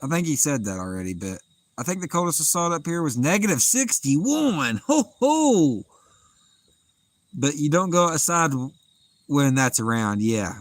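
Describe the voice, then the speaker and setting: A man with a Southern US drawl hosts a nighttime fishing livestream outdoors, reading viewer comments aloud and laughing often in a relaxed, chatty way. His voice is a little high and moderately paced, captured in a dry, poor-quality recording.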